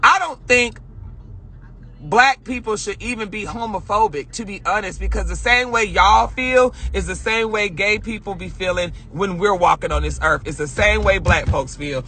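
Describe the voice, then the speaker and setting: A man's voice: high-pitched, normal speed, sharp tone. A young man in a heated, emphatic rant to his viewers, swearing often and talking straight to them, recorded on a phone in a parked car. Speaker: vlogger. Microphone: phone camera.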